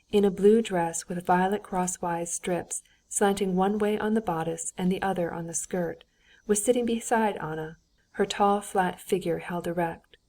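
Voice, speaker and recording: A woman reads a classic novel aloud as an audiobook narrator. Her voice is lowish and mellow, and her storytelling stays even and measured. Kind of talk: scripted narration.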